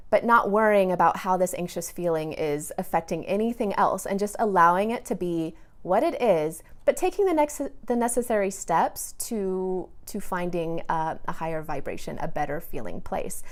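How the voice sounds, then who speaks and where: A woman in her thirties, a parenting coach, talking in a gentle, earnest way with small restarts as she gives advice. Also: lowish voice, moderate pace. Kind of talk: casual advice talk to camera.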